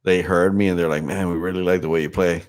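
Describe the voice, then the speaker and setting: A man's voice: low-pitched, flat delivery, fast. A man hosting a casual podcast chat, teasing and swearing freely, with a stuffed-up nose. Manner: profane, joking, teasing. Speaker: podcast host and DJ.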